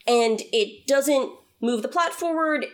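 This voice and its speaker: A woman's voice: high-pitched, takes it slowly. Opinionated woman chatting about musicals. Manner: enthusiastic, opinionated, analytical. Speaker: podcast co-host. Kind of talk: casual chat about musical theatre.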